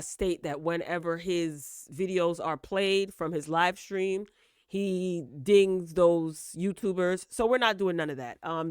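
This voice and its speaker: A woman's voice: fairly low pitch, clean tone, no echo, studio quality. A woman giving casual gossip commentary on entertainment news, opinionated and lecturing, and often checking in with "all right?". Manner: repeats "all right?" and "okay?" as check-ins.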